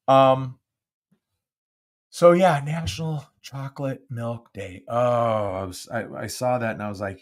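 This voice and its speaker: An older man from Southern California hosts his own live podcast, close on a studio mic. His voice sits a little low, and he chats in an animated, self-mocking way. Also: moderate pace. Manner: chatty and animated, self-deprecating. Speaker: podcast host. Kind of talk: casual live podcast chat. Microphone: close studio mic with windscreen.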